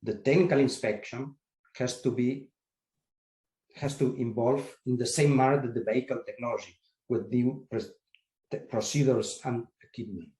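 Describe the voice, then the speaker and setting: A man, secretary general of an industry association, answering interview questions in a formal, measured way with occasional restarts. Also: medium pitch, fairly even intonation, warm tone. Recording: roomy echo.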